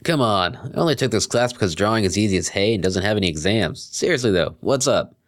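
A man's voice: fairly low pitch, lively intonation, fast talker, lightly acted. A man voicing an easygoing, chatty young male earth pony student in a fan fiction reading.

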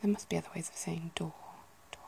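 A woman musing softly in a whispered ASMR chat, gently poking fun at herself. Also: on the low side, steady tone, quick pace, vocal fry, a little hiss or hum, low-quality recording. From United Kingdom. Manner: soft, self-deprecating, musing aloud. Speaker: ASMR video host.

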